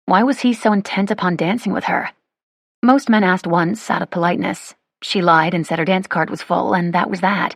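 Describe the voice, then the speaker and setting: A woman reads an audiobook in a measured, wry way. Her voice is low and husky. It is close-miked and dry, with no room sound. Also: steady tone, no echo. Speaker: audiobook narrator. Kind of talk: scripted narration.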